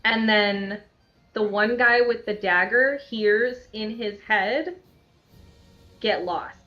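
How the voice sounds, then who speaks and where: A woman playing a tabletop game, thinking aloud in a deliberate way. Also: a little high, steady tone, lo-fi sound, faint music behind. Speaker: player.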